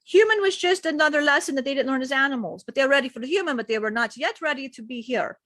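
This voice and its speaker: A woman retelling a spiritual story in an earnest, meandering way, often repeating "he said" as she goes. Her voice sits fairly high and sounds close and dry. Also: fast talker, a bit bright, dry recording. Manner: earnest, rambling retelling with frequent "he said". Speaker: spiritual teacher and channeler.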